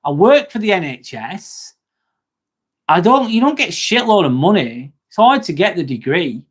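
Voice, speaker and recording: A man's voice: high voice, sing-song, moderate pace, breathy edge. A man, chatting bluntly and casually with viewers on a livestream, full of "um" and "mate". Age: 40s. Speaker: livestream host and nurse.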